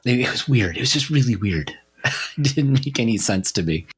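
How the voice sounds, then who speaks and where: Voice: mid-range voice, animated, fairly quick, husky. A podcast co-host talking through a film plot in a casual, puzzled, hesitant way. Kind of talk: casual film review chat.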